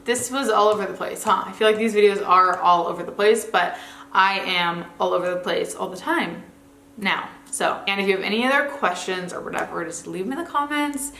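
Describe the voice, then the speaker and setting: A woman's voice: medium pitch, fairly quick, sharp tone. A young woman vlogger chatting casually to camera at home, full of fillers and asides. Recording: roomy echo.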